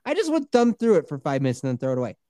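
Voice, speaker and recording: A man's voice: a little high, wildly swooping pitch, racing, mellow, no room sound, studio quality. A young man co-hosting a podcast, telling a story in a rambling way, swearing and laughing a lot. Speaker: podcast co-host. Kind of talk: casual storytelling chat.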